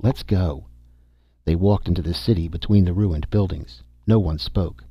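A man narrating a science fiction audiobook in a steady storytelling manner. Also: low-pitched, moderate pace, breathy edge, no echo. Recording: dull dry recording.

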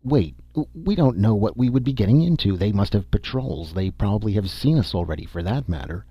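A man's voice: lowish voice, lively intonation, fairly quick, slightly rough, dry recording, soft background music, voice pushed up. A man doing an impatient, grim male explorer. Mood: wary. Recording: dull dry recording.

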